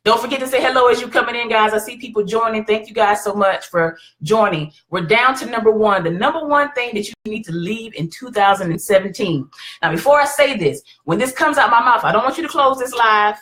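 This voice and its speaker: A woman's voice: on the high side, brisk, a bit bright. Encouraging woman hosting a live stream. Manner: encouraging, keeps checking in with "right?". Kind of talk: motivational live stream talk.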